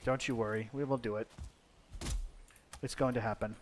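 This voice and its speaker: A man's voice: mid-range voice, steady tone, normal speed, a little hiss or hum. A young man from Finland giving casual gameplay commentary, swearing freely, joking and talking to his character. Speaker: let's play gamer.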